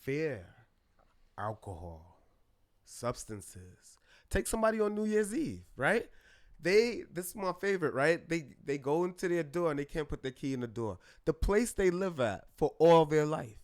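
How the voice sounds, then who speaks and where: Animated man, a bit high-pitched. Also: unhurried. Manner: animated, acts out clients' voices, calls listeners brother. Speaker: therapist guest. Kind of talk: podcast conversation.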